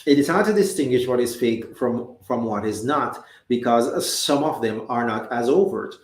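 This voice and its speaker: A man's voice: medium pitch, expressive, normal speed, roomy sound. A man with a Jamaican accent hosting a live talk show, chatting conversationally and reading out viewer comments. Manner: conversational, reads viewer comments, many restarts and fillers.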